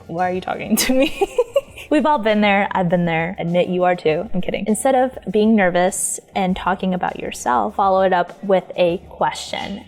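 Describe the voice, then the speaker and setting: A young woman from Peru giving casual social advice in a chatty, animated way. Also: medium pitch. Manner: chatty and animated, acting out sample dialogues.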